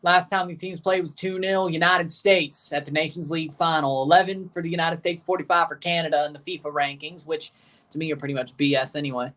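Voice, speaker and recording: A man's voice: on the high side, steady tone, brisk, fairly bright tone. Rambling young man calling a match live. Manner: rambling, jokey, chats to viewers. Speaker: watchalong streamer. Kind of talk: live match-reaction commentary.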